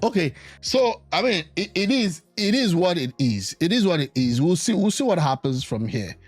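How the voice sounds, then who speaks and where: A man's voice: high-pitched, sing-song, breathy edge, dry recording, faint music behind. A man giving casual political commentary, thinking aloud with many restarts and fillers. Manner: musing, halting, with many restarts.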